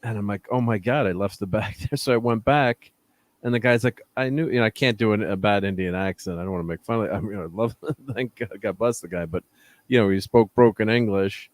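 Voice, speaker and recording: A man shares stories in a casual chat, chatty and often chuckling as he goes. His voice sits on the low side. The recording is dry, with no room echo. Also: brisk.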